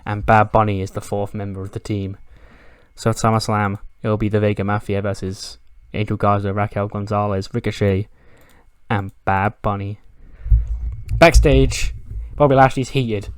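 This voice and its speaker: A man narrating a wrestling management game playthrough in a casual, animated way, acting out the characters' lines. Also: on the low side, clear, resonant tone, dry recording. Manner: animated, acts out the wrestlers' dialogue, swears freely. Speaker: gaming commentator.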